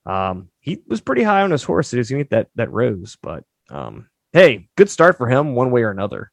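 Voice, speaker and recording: A man's voice: mid-range voice, wildly swooping pitch, fairly quick, vocal fry, no echo. A man co-hosting a podcast, chatting loosely about a TV show and filling his talk with "like". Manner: loose and filler-heavy, often saying "like". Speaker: podcast co-host. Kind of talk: casual chat, recapping a TV show.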